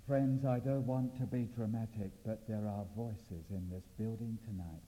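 A male preacher giving an evangelistic sermon, swinging from loud exclamations to hushed, intimate appeals. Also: fairly low pitch, unhurried, few pauses. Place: church or meeting hall. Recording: reverberant, dull lo-fi hall recording.

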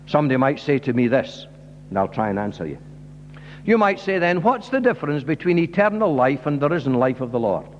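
A man with a high voice preaches with earnest emphasis and keeps pressing his listeners with direct questions. His voice rings out across a large hall with a long echo. The recording is dull and muffled, with a faint hum underneath. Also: very animated, a little fast. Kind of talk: sermon.

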